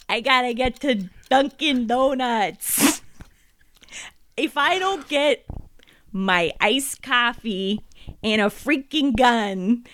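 A woman putting on a Boston accent to play a brash, rude male spy who gripes loudly and slowly. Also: high-pitched, smooth, pitched above the performer's own voice, heavily acted.

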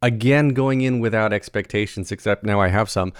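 A man from the American South hosting a podcast, chatting casually in a jokey, animated way with frequent restarts. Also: fairly low pitch, a little fast, smooth, no echo, clean studio sound. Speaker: podcast host. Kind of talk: casual chat.

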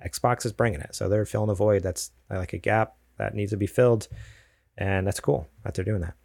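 A man's voice: lowish voice, steady tone, brisk, creaky, a little mellow, no echo, studio quality. A man co-hosting a casual gaming podcast, rambling and hedging with lots of fillers. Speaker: podcast co-host. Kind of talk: casual chat.

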